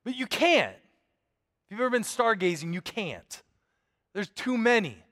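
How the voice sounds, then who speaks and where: Man, pastor, sermon, high voice, animated storytelling, long hall reverb. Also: measured pace.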